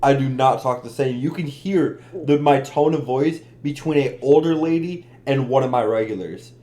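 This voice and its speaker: A man's voice: medium pitch, moderate pace, mellow. A man co-hosting a podcast, earnestly explaining his point in casual chat. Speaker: podcast co-host.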